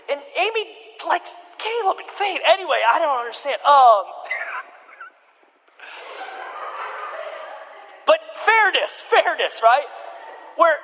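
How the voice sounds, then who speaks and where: A man's voice: extremely high pitch, pushed and bright, long reverb tail, poor audio. A male pastor in his thirties preaching a sermon in a loose, conversational, joking storytelling way.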